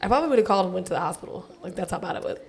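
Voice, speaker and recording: A woman's voice: lowish voice, expressive, rapid-fire, vocal fry. A woman from California, casually telling a raunchy story with lots of swearing and laughter. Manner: loose storytelling, heavy swearing, laughs often. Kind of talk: casual chat.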